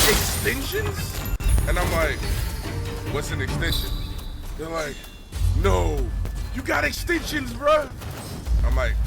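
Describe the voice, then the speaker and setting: A young adult man streaming, telling profane, animated stories and laughing through them. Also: high-pitched. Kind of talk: casual storytelling.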